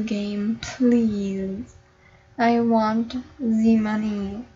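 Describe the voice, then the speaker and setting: Young woman, gameplay vlogger, high-pitched and playful, muffled home recording. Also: takes it slowly, a little mellow, breathy edge. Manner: chatty, voices the game characters playfully. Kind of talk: casual life-sim gameplay commentary.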